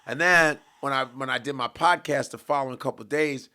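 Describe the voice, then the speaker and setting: A man's voice: mid-range voice, fairly quick, bright, forceful tone, clear, resonant tone. A man, a comedian guest on a podcast, telling a story in casual chat, swearing freely and acting out what other people said.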